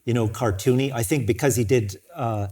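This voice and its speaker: A man's voice: mid-range voice, a little fast, a little mellow. A man appearing as a podcast guest, speaking in a thoughtful, appreciative way. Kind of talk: casual chat.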